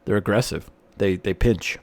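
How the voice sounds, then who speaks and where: A man's voice: fairly low pitch, normal speed, vocal fry, a little mellow, no room sound. A man co-hosting a podcast, speaking casually with wry, teasing, crude humor. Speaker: podcast co-host. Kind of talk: casual chat.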